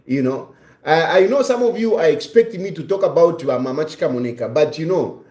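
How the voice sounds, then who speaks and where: This livestream host, a man in his fifties, sounds earnest and reflective and tends to say his phrases more than once. He speaks on the high side, animated and brisk, with a slightly mellow quality, and the room around him is echoey.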